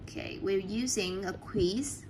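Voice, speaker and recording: A woman's voice: medium pitch, background noise. A woman teaching an English class, patiently checking answers and praising students often. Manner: slow, patient.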